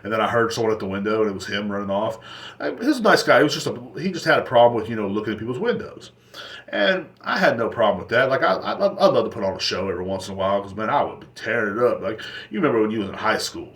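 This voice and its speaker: A man's voice: on the low side, lively intonation, very fast, fairly bright tone. A young man hosting his own podcast, telling crude stories in a rambling way and laughing at his own jokes. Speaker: podcast host. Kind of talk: rambling solo podcast storytelling.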